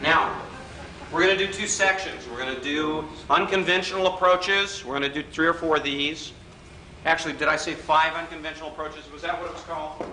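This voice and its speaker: A joking man lectures in an echoey hall, his voice a little high and slightly fast, with fairly even intonation. It's a political persuasion workshop before a live audience in a hotel function room, where he teases and acts out quoted voices in anecdotes. The distant recording has a faint hiss.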